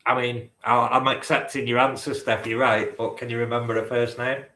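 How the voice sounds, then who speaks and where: A man's voice: medium pitch, little pitch movement, brisk, bright, forceful tone. A man hosting a live-stream quiz, bantering with the chat, teasing and swearing casually. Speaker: quiz host. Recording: roomy echo.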